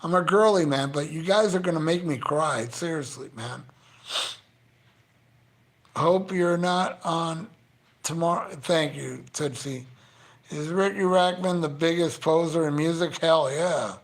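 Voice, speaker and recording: Emotional man streamer, slightly high voice, swearing warmly, close to tears. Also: measured pace. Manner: heartfelt, profane, emotional. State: choked up, near tears. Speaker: livestreamer thanking his chat. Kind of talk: casual live-stream chat.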